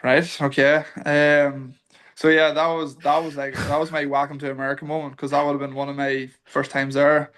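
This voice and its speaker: A man's voice: fairly high pitch, level tone, normal speed, a bit bright. A young Irish man, a guest on a podcast, telling stories in an easygoing way with many restarts. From Ireland. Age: young adult. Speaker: guest, football kicker. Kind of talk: casual podcast interview.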